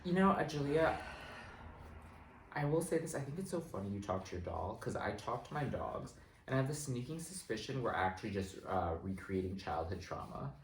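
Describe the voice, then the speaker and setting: A man in casual conversation who is loudly opinionated and likes to curse. His voice is highly animated, leaping up when he acts out what others said. The room around him rings with echo. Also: fairly quick, a little hiss or hum. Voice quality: animated, swings into loud mock voices when quoting. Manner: opinionated, profane storyteller. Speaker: podcast co-host. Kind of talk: casual chat.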